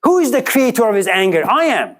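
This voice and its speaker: Lively animated male lecturer. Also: very high-pitched, brisk, rough recording. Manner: animated, questioning, storytelling. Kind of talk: classroom lecture with student exchanges. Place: classroom.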